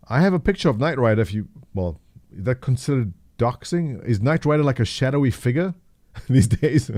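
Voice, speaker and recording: A man talks loosely through a livestream, reacting as he goes, thinking out loud and laughing easily. His voice is soft and mellow, and it sits dry and close with no room sound. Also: medium pitch, dry recording. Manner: chatty, laughs often, thinks aloud. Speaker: livestream host reacting to a video. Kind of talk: casual livestream commentary.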